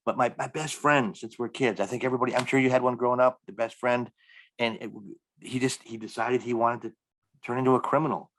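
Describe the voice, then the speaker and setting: A man's voice: medium pitch, steady tone, a little fast, fairly bright tone. A middle-aged man, a stand-up comedian, telling a long story in a podcast interview and acting out the dialogue with energy. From Milwaukee area, US.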